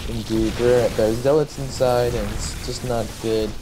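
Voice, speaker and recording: A man co-casting a live game match, talking through plays in a relaxed, rambling way with many restarts. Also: mid-range voice, a little slow, background noise. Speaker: co-caster. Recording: faint music underneath.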